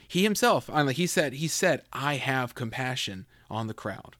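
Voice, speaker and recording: Man, casual Bible podcast host, mid pitch, reads scripture aloud, fillers and restarts, dry close mic. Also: very animated, moderate pace, hardly any pauses, a bit bright, no echo.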